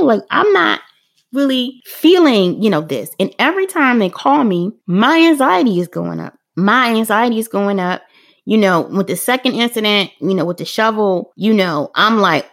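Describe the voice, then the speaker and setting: A woman's voice: mid-range voice, brisk. A middle-aged woman, a parent, telling her own story in casual podcast talk, talking straight to listeners and acting out what others said. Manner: animated, acts out others' lines in dialogue; talks straight to listeners, conversational fillers.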